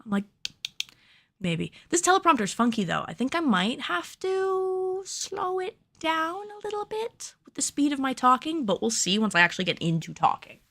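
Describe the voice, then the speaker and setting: A woman's voice: high voice, very animated, normal speed, gravelly, fairly bright tone. A woman who makes cosplay patterns, chatting on a livestream while she films, nervous on camera and thinking aloud with self-deprecating remarks. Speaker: cosplay pattern maker and streamer. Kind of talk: casual livestream chat while filming.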